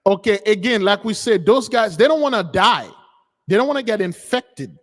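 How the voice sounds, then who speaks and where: A man's voice: high voice, animated, normal speed, a bit bright. A man hosting a livestream commentary, talking in an emphatic, preachy way and repeating his points. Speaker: channel host. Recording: long reverb.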